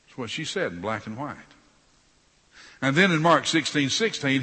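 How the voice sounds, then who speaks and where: A man preaching a sermon, swinging between loud emphasis and quiet sarcastic asides. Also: medium pitch, very animated, normal speed, breathy edge. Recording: long hall reverb.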